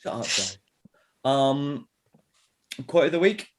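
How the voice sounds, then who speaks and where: A man's voice: medium pitch, big pitch swings, slow, noisy background. Rambling man hosting a podcast. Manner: rambling, many restarts and fillers, jokey. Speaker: podcast co-host. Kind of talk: casual chat.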